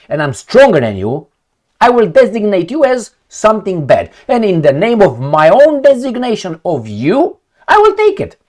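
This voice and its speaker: Riffing unscripted on news headlines, a middle-aged political commentator from Romania sounds blunt and sardonic, with storytelling asides. His voice is high with a darkish tone.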